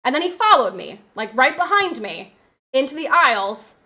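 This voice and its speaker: A woman's voice: sits high, very animated, normal speed, sharp tone. A woman streaming from home, chatting casually and telling stories in a rambling way, with lots of fillers and the odd swear word. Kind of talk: casual livestream chat.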